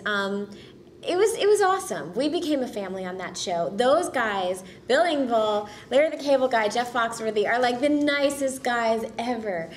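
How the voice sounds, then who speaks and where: A woman's voice: a little high, a little hiss or hum. A woman actress answering interview questions casually, upbeat, friendly and enthusiastic.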